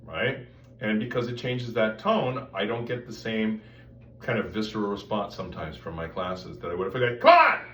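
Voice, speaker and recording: A man teaching a vocal technique lesson, coaching the viewer directly in an animated way. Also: fairly low pitch, normal speed, far from the mic, a little hiss or hum. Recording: roomy sound from off the mic with faint music.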